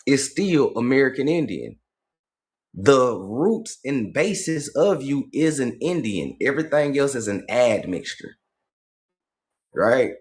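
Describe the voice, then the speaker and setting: A man hosting a casual livestream, reading passages aloud and commenting on them in streetwise slang, with profanity and points repeated for emphasis. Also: medium pitch. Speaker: livestream host.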